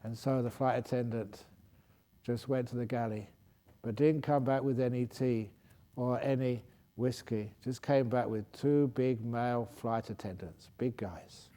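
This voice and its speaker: Mellow-voiced man telling a joke. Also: medium pitch, fairly even intonation, unhurried. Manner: light-hearted storytelling, laughing often, restarting phrases. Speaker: Buddhist monk and teacher. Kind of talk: humorous dharma talk.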